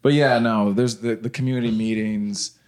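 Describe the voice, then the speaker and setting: A man's voice: on the low side, steady tone, moderate pace, a little mellow. A man co-hosting a casual parenting podcast, chatty, laughing often and restarting his sentences. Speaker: podcast co-host. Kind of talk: casual chat.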